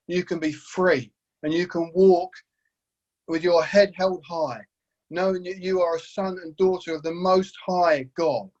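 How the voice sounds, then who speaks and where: A man's voice: a little high, a little mellow, rough recording. A man preaching an earnest, enthusiastic sermon as pastor, with many rhetorical questions.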